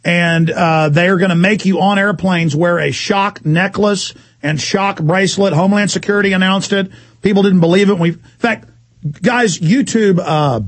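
A man hosting a call-in radio show, ranting fast and indignantly and mocking officials in put-on voices. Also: high-pitched, no room sound. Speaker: radio talk show host.

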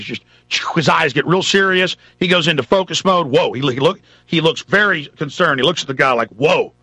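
Fiery, bright-voiced male radio ranter. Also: on the high side, no room sound. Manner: ranting, rambling, dramatic. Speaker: radio talk show host. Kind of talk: impassioned talk radio monologue.

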